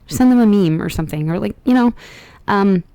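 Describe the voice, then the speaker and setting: Woman, young adult, tarot reader, casual and chatty, gravelly fry, dry close sound. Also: medium pitch, expressive, fairly quick, mellow, no echo, lo-fi sound. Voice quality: chatty, upbeat, rambling with fillers.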